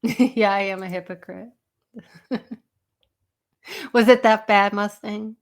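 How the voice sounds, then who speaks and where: A woman's voice: mid-range voice, fairly even intonation, takes it slowly. A woman hosting a casual live stream, rambling, laughing often and chatting with her viewers.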